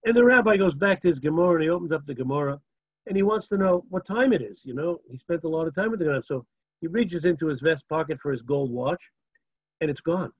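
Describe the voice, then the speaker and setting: A man's voice: a little high, lively intonation, fast, slightly rough, muffled recording. A man teaching a Torah class, sprinkling Hebrew terms into English and asking rhetorical "right?" checks while telling stories. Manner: rhetorical, asks "right?" and "okay?". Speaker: religious teacher. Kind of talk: Torah class lecture with storytelling.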